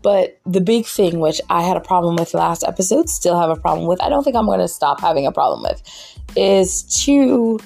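A woman hosting a podcast, recapping a drama episode in casual chat, tired late at night, animated and laughing often. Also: lowish voice, normal speed, gravelly, soft background music. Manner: animated, laughs often, acts out characters' lines.

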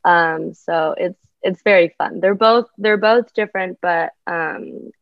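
A woman's voice: fairly low pitch, unhurried, creaky, no room sound, lo-fi sound. A young adult woman artist talking in a casual interview, chatty and full of ums and likes. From United States. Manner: chatty, many ums and likes, laughs often. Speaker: artist guest.

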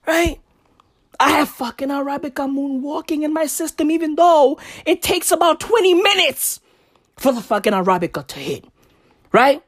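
A woman's voice: sits high, expressive, moderate pace, no room sound, clean studio sound. A woman doing a brash, profane comic rant and mocking other people's voices. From South Africa. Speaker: comedian.

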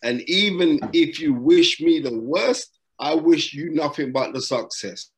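A man's voice: a little high, unhurried, a little hiss or hum. A middle-aged man, a boxing broadcaster guesting on an interview, giving motivational advice in an emphatic, repetitive, preacherly way with street slang, speaking from a hotel room. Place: hotel room during lockdown.

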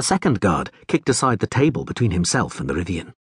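Husky low male audiobook narrator. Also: a little fast, hardly any pauses, dry recording, clean studio sound. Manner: expressive, dramatic.

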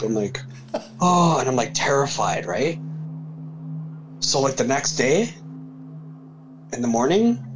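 A man of middle pitch telling a story in a relaxed, chatty way, often checking in with "right?". Music plays clearly behind his voice. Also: poor audio. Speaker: podcast guest. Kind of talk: casual storytelling.

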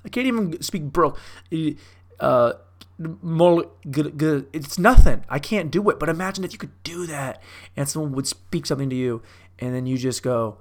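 A man's voice: fairly high pitch, lively intonation, normal speed. A young man riffing casually on movies, profane and self-mocking, like a comic doing a bit. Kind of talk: casual rambling commentary.

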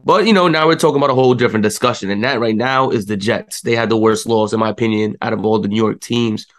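A young man co-hosting a sports talk show, ranting in a frustrated, animated way, with many fillers. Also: lowish voice, fast talker. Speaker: sports podcast co-host.

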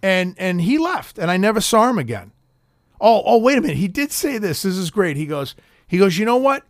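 A man's voice: high-pitched, sing-song, fairly quick, no room sound, clean studio sound. A middle-aged man telling a story in casual chat, profane, rambling and heated.

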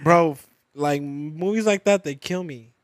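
Young man telling a story, high-ish voice. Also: a little slow, no echo, studio quality. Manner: animated storyteller who swears freely and drifts soft and low when emotional. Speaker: podcast co-host. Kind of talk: casual chat.

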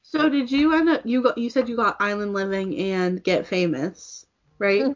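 A woman's voice: medium pitch, normal speed. A young woman co-hosting a casual chat, gushing compliments with a giggly manner. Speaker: co-host. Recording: muffled lo-fi audio.

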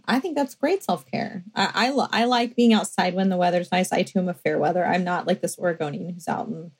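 A woman's voice: lowish voice, fairly quick, slightly rough, poor audio. A woman co-hosting a podcast, chatting casually and animatedly, with lots of fillers and quoted self-talk. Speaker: podcast co-host. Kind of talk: casual chat.

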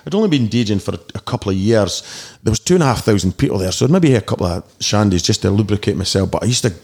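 A Scottish man in his forties, a DJ telling rambling, animated stories in a casual interview and mimicking shouts. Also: on the low side, very fast, husky. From Scotland. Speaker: DJ guest.

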